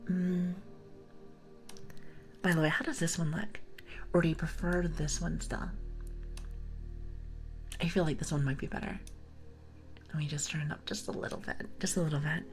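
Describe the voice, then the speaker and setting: A young woman with a low, soft voice rambles and giggles through a whispered ASMR stream on a close mic. She drifts between breathy whispers and quiet speech. Faint music plays underneath. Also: fairly even intonation, moderate pace, long pauses. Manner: chatty, giggly, rambling, greets viewers. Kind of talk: whispered ASMR livestream chat.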